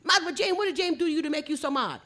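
A woman's voice: high voice, normal speed, voice pushed up. An older woman reading the part of a male friend who asks a fisherman what is wrong. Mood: curious. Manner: lively questioning, storytelling read-aloud.

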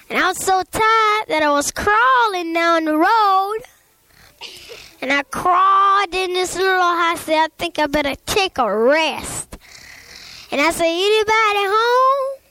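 A child with a very high voice tells a spooky tale in an unhurried, rambling way, piling on "and I kept on running" and sound effects. Faint hiss sits under the voice. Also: female voice, animated, sharp tone. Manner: rambling, breathless, Southern-style storytelling with sound effects and laughs. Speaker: storyteller. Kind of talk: spooky story told aloud.

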